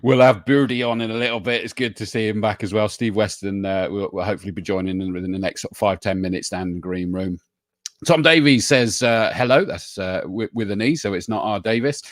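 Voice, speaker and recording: A man's voice: on the low side, fairly even intonation, fairly quick, no echo, studio quality. Chatty male live-show host. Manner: jokey, greets viewers by name, laughs often. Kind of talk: casual live show chat.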